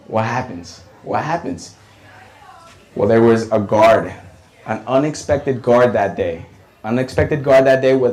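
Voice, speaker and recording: A man telling a comic story in an animated, profane way, often repeating lines for effect. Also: mid-range voice, low-quality recording. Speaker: comedian. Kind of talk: stand-up storytelling.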